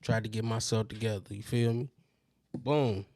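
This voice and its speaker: A man's voice: lowish voice, normal speed, dry recording, studio quality. A man co-hosting a podcast, chatting casually and acting out stories. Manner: animated storyteller, acts out quotes in a raised voice. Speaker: podcast co-host. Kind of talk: casual chat.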